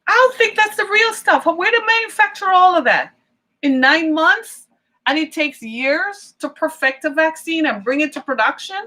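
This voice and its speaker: A woman's voice: extremely high pitch, expressive, moderate pace, pushed and bright. A middle-aged woman from Michigan delivering an impassioned political rant, full of indignant rhetorical questions and exasperation. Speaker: vlogger.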